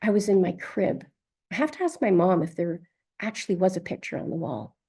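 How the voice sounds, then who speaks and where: A woman voicing an adult client who relives infant distress, halting and stammering. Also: lowish voice, animated, warm tone, breathy edge. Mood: wondering.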